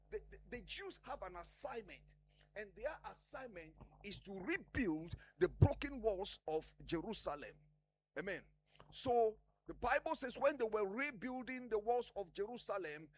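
A man's voice: high-pitched, husky. A man preaching a sermon, emphatic, often asking the congregation a question and answering it himself.

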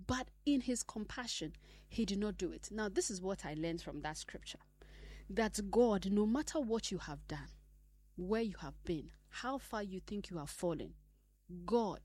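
A woman's voice: mid-range voice, expressive, normal speed. Impassioned woman preaching a sermon. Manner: emphatic, swings between loud exhortation and hushed whispers.

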